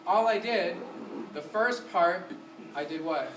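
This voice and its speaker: A man's voice: high voice, slow. A man teaching a music lesson to a class, quizzing students and singing short syllables to demonstrate. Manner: energetic, keeps asking the class questions. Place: community center room. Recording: roomy, distant mic with room noise.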